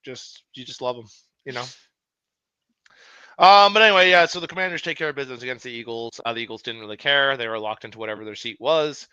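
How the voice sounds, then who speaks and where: Man, sports podcast co-host, very bright voice, dry slightly dull recording. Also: medium pitch, clean tone, no echo. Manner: excitable, swears freely, quick asides. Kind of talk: casual sports chat.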